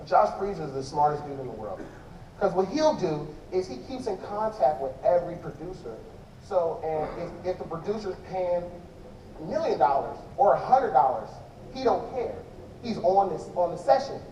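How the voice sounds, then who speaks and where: A man with a high, mellow voice and big pitch swings speaks at a moderate pace, rambling in slang and restarting sentences as he tells an audience about his drumming. He's on the stage of a large indoor event hall, recorded from far off with a dull echo and slight background noise.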